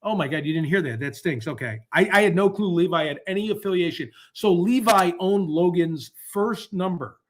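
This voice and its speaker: A man hosts a live stream and rambles to his viewers while he looks things up. His voice sits a little on the high side. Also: normal speed, few pauses. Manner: rambling, talks to chat while searching online. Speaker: livestream host. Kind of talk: casual livestream chat.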